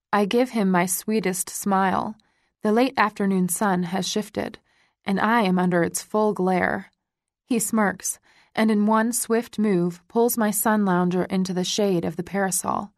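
A woman narrating a first-person romance audiobook in a slow, intimate reading voice. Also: medium pitch, steady tone, no room sound, studio quality.

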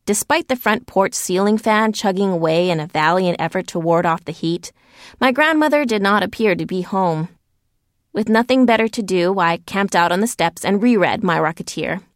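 A woman reading a first-person storybook aloud in a gentle, earnest narrating manner. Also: mid-range voice, normal speed, dry recording, studio quality. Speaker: audiobook narrator.

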